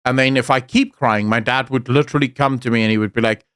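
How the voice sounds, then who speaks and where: A man's voice: medium pitch, steady tone, fast talker, hardly any pauses, a bit bright, clean tone, no room sound, studio quality. A man with a South African accent, a streamer telling blunt, profane stories in casual chat.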